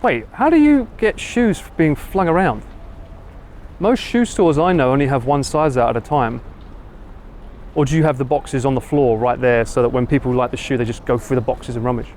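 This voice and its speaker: A man's voice: mid-range voice, normal speed, darkish tone, a little hiss or hum. A man with an Essex accent chatting casually on a live stream, reading and answering viewer comments as he walks. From England. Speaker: livestream host. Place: outdoors on a city street.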